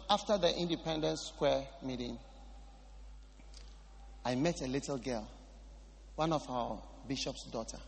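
A man's voice: a little high, big-room sound, a little hiss or hum. A man preaching a sermon, emphatic and repeating his phrases for stress.

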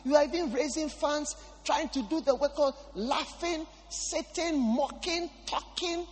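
A man's voice: extremely high pitch, unhurried, long reverb tail. A man preaching a sermon, emphatic and repeating his phrases for stress.

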